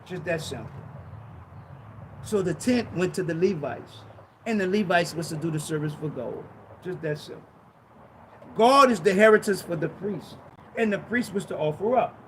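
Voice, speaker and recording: A man preaching an informal Bible teaching sermon, emphatic and slangy, repeating himself and breaking into shouted bursts. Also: high voice, moderate pace, pauses often, slight background noise.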